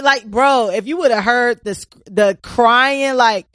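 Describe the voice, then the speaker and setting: Animated, swearing woman podcast co-host. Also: fairly high pitch, unhurried, dry recording, clean studio sound. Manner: animated storytelling, swears freely. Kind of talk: casual podcast chat.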